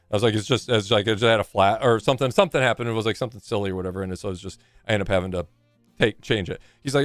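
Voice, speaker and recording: A man's voice: lowish voice, animated, brisk, long pauses, a bit bright, no room sound, faint music behind. A man in his forties chatting casually on a live game stream, rambling and joking with plenty of swearing.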